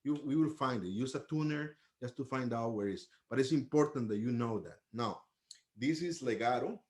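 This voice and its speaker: Teaching trumpet articulation at normal speed, this man uses a medium-pitched voice and a patient manner. He breaks the lesson into steps and sings syllables to show how it's done.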